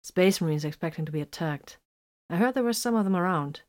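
A woman voicing a calm male warrior who speaks quietly and steadily to his wounded brother. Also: lowish voice, a little fast, natural voice.

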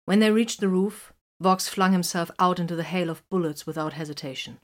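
Low-voiced woman narrating a story. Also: fairly even intonation, a little fast. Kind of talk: scripted narration.

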